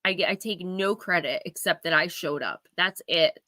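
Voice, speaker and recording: A woman reads oracle cards live for her viewers, speaking earnestly and with emphasis as she confides in them. Her voice is bright and forceful, and the recording is dry and close. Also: lowish voice, normal speed, no echo. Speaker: oracle card reader hosting a live stream. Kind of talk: live-stream card reading, heartfelt advice.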